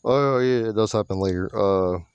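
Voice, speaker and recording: A man with a lowish voice talks through a wrestling recap in a loose, rambling way, cursing freely and doubling back to fix his own mistakes. The sound is dry and close, with no room around it. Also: moderate pace, a little mellow, clear, resonant tone, no room sound, lo-fi sound. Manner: rambling, profane, self-correcting. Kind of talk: casual recap monologue.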